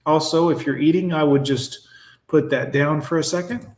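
A man in his forties reacting to videos with blunt, sarcastic, profane commentary. His voice sits a little high for a man. The sound is roomy and echoey. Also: moderate pace. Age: 40s. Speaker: streamer host reacting to videos. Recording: echoey room.

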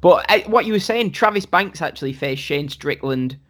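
A man's voice: a little high, lively intonation, normal speed, fairly bright tone. Chatty man steering a podcast. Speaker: podcast co-host. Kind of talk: casual chat.

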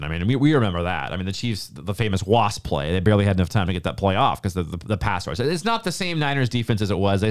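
A man co-hosting a sports podcast, talking casually and confidently about football predictions. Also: on the low side. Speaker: podcast co-host.

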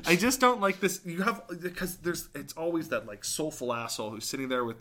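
A man's voice: on the high side, brisk, pushed and bright. A man co-hosting a podcast, ranting animatedly in casual chat and swearing now and then. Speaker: podcast co-host.

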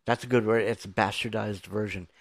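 A man's voice: fairly low pitch, steady tone, a little fast, dry recording. American man hosting, dry close sound. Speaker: podcast host. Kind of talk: casual podcast chat.

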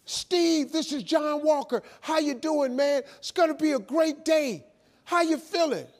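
A man acting out a relentlessly cheerful male mentor who phones at dawn, loud and sing-song. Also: very high voice, a little slow, pitched above the performer's own voice. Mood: upbeat, pumped.

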